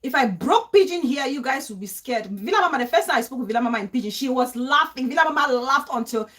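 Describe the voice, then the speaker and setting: A woman's voice: high voice, lively intonation, fast talker, a bit bright. A young adult woman with a Cameroonian accent hosting a live-stream vlog, making her points emphatically and repeating them as rhetorical questions. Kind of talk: live-stream vlog, reading viewer comments.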